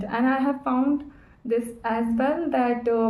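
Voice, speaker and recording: A woman's voice: high-pitched, steady tone, a little slow, dark tone, echoey room, low-quality recording. A woman practicing English in a casual chat, talking carefully and hesitantly. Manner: careful, hesitant, many fillers.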